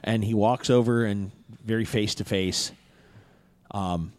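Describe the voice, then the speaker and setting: A man narrating a tabletop role-playing game as game master, who gives the players brisk directions. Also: on the low side, fairly even intonation, a little mellow, no room sound. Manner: voices the king's advisor in character, brisk table directions.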